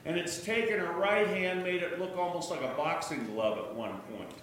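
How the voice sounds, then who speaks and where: A man sharing a story with a church congregation, animated and storytelling with joking asides, heard in an echoey church room from a distant mic. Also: high-pitched, normal speed. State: hard of hearing. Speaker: church speaker sharing a testimony. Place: church sanctuary.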